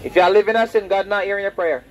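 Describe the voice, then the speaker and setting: Male street preacher, high pitched, loud and confrontational, preaching outdoors. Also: steady tone, rapid-fire, rough recording. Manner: loud, confrontational, repeats his lines. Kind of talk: open-air street preaching.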